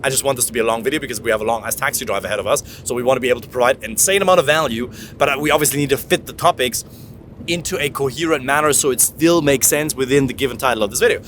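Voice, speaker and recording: A man's voice: medium pitch, racing, a bit bright, slight background noise. A man coaching on dating in casual, emphatic talk from the back of a taxi, jumping into silly voices.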